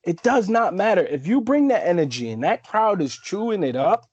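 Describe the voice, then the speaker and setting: A man's voice: high-pitched, big pitch swings, moderate pace, darkish tone, slightly rough, no echo. A man who is a professional wrestler, speaking as an interview guest in an emphatic, persuasive way and repeating his points. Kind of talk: casual interview chat. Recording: dry, dull lo-fi sound.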